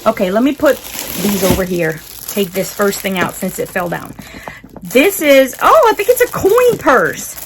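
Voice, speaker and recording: A woman's voice: medium pitch, very animated, unhurried, slight background noise. A woman chatting casually while unboxing, giggling often and talking to her cat. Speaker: unboxing vlogger.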